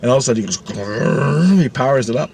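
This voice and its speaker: A man telling a story to camera in a casual, profane, animated way, laughing often. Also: mid-range voice, rapid-fire. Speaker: channel host.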